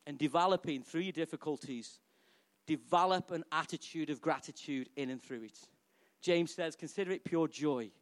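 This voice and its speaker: Animated pastor preaching. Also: male voice, a little high, normal speed. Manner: animated, conversational preaching with questions to the congregation. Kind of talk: sermon.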